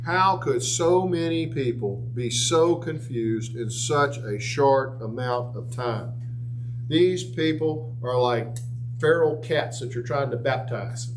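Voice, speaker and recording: A man preaching a sermon in a church, animated and folksy, acting out crowd voices with big jumps in his voice. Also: medium pitch, slight background noise, poor audio. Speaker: pastor.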